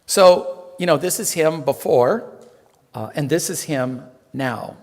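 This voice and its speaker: Higher-voiced reverend in a reverberant hall. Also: male voice, slow, darkish tone. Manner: chatty, joking, many fillers. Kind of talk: casual sermon. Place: temple hall.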